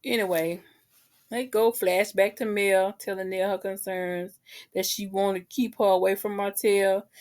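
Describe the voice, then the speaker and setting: A woman's voice: medium pitch, level tone, unhurried, a little mellow. A woman, casually recapping a reality show for her viewers in a chatty, sassy way.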